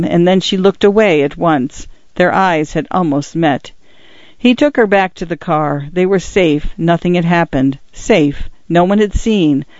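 A man reads a story aloud in a measured, steady way. His voice sits high for a man. The recording is dry and somewhat dull. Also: dry recording. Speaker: audiobook narrator. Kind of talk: scripted narration. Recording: slightly dull, dry read.

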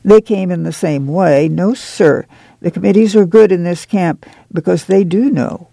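Friendly, plainspoken camp manager, voiced by a man, storybook reading, dark and dry close sound. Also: high-pitched, unhurried, gravelly, dry recording, exaggerated voice. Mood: easygoing. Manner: easygoing, plainspoken folksy talk.

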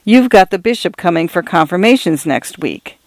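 A man voicing a gentle, chatty older priest in a read-aloud story. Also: sits high, lively intonation, moderate pace, no room sound. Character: genial older priest, easygoing and gossipy.

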